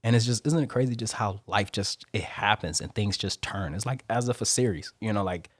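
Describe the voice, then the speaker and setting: A man, a Marine, telling stories as a guest on a podcast interview in an animated way. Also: fairly low pitch, no echo, clean studio sound. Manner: animated, rapid storytelling.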